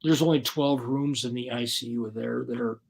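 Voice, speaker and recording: A man as an interview guest, telling his story bluntly and profanely in casual, animated talk. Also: mid-range voice, moderate pace, creaky.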